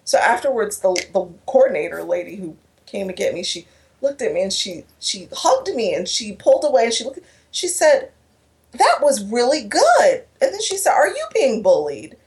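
A woman's voice: medium pitch, very animated, a little fast, a little mellow. A woman telling an emotional personal story in an interview, earnest, with restarts and quoted dialogue. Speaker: guest speaker.

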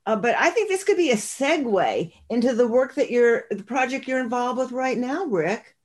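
Lively, encouraging interviewer. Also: mid-range voice. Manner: encouraging, quick to laugh. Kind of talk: casual interview.

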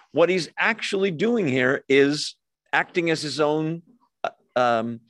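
A man's voice: a little high, takes it slowly, a bit bright, dry recording, clean studio sound. A man leading a Bible study, teaching verse by verse in a conversational way, with frequent asides and self-corrections.

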